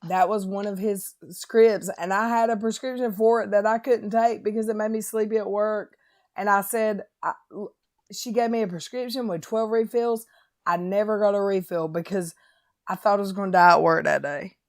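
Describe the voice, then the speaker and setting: A woman's voice: mid-range voice, steady tone, normal speed, darkish tone. A woman hosting a live stream, reading chat comments aloud and chatting casually about her own experiences.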